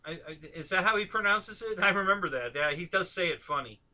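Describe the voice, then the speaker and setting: A man with a high, very bright voice hosts a relaxed live stream conversation, talking fast. He's loose and chatty, often laughing and tossing questions to the people he's talking with.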